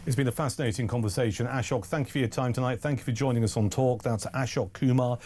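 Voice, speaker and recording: Late-night talk radio host, male, animated intonation, relaxed warm timbre. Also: medium pitch, slightly rough. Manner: conversational, lively questioning.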